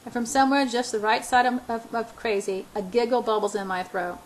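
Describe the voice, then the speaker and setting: A woman's voice: fairly high pitch, fairly even intonation, brisk, slight background noise, low-quality recording. A woman reading a first-person novel aloud, often stumbling and restarting words. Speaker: audiobook reader.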